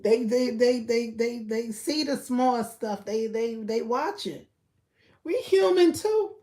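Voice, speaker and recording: A young woman giving blunt, profane gossip commentary on a live stream, repeating her points and breaking into loud laughter. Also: fairly high pitch, animated, slow pace. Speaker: livestreamer.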